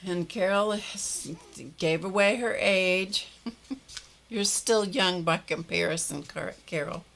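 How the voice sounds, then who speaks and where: An older woman hosts a live stream and talks with her viewers in a relaxed, slow way. Her voice sits a little low and she laughs easily as she greets people by name. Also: gravelly, slight background noise. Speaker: livestream host greeting viewers. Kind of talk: casual chat reading viewer comments.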